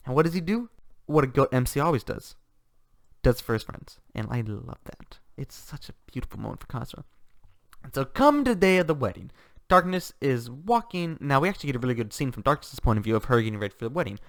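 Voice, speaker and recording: A man's voice: mid-range voice, animated, brisk, creaky, dry recording, studio quality. A man giving a casual, enthusiastic book review, rambling with restarts and laughter.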